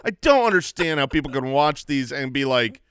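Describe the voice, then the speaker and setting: A man's voice: mid-range voice, lively intonation, moderate pace, a bit bright, clean tone, no echo, studio quality. A man co-hosting a comedy podcast, ranting in casual banter with an opinionated, mock-outraged manner. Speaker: podcast co-host.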